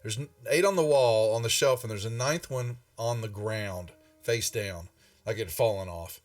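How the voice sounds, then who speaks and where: A man's voice: fairly low pitch, normal speed, no room sound, recorded from a distance. A man narrating a tabletop game as game master, rambling with many fillers and restarts.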